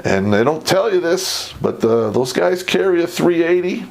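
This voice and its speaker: A man's voice: a little high, animated, normal speed, creaky, darkish tone. A middle-aged man telling army stories in a casual, profane, laid-back way, often laughing as he talks. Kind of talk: casual storytelling.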